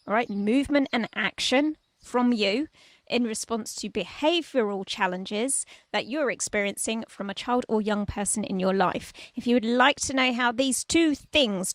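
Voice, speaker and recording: Woman coach talking to parents, handheld mic, dry close sound, a bit high, lots of emphasis. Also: fairly bright tone, dry recording. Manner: emphatic, conversational, demonstrates tones with her voice. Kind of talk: informal talk to camera. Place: outdoors. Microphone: handheld microphone.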